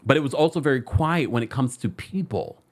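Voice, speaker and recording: A man hosting a casual reality TV recap, chatty and animated, repeating phrases for emphasis. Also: medium pitch, a little fast.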